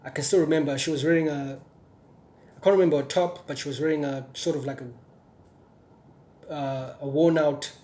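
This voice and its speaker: A man's voice: medium pitch, darkish tone. Earnest young man telling his testimony. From South Africa. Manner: earnest, with frequent fillers and restarts; stutters sometimes. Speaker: testimony speaker. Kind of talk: personal testimony.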